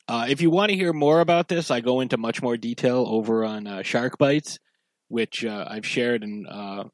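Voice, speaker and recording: A man co-hosting a casual horror podcast, easygoing and full of "uh"s. His voice sits at a middling pitch. The sound is dry and close to the mic. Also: no echo. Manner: relaxed, filler-heavy with frequent "uh". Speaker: podcast co-host.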